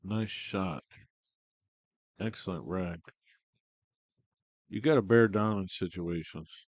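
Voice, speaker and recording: A man with a deep, low voice gives relaxed, chatty commentary on a pool match. His sound is close and dry, with no room around it. He talks through shots and players like he is sitting beside you. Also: takes it slowly, dry recording. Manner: laid-back, chatty, talks shop about shots. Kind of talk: casual live commentary. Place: pool hall at a tournament.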